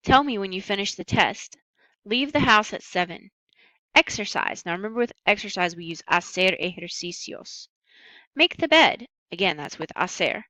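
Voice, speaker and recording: A woman with a bright, clear voice walks students through a recorded lesson. She stays patient and upbeat and slows right down on the Spanish words. The sound is dry and close. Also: medium pitch, animated, dry recording, rough recording. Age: adult. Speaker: Spanish teacher.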